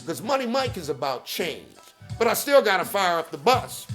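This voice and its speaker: A man hosting a podcast who pitches hard, repeats catchphrases, keeps asking "okay?" and shouts out people by name. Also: very animated, normal speed, faint music behind. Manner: hype-driven, repeats catchphrases, peppers with "okay?". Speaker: podcast host. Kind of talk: promotional monologue.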